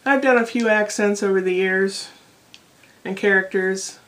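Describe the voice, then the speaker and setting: A woman's voice: mid-range voice, measured pace, a bit bright, a little hiss or hum. A middle-aged American woman talking casually to her camera at home, rambling from one thought to the next with self-deprecating asides. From United States. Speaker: vlogger. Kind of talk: casual rambling vlog monologue. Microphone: camera microphone.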